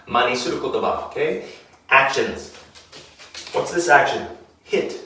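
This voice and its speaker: A man teaching English vocabulary to children, demonstrating a lesson and drilling words slowly and clearly. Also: medium pitch, animated, pushed and bright, distant mic, a little hiss or hum. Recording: very echoey room, off-mic.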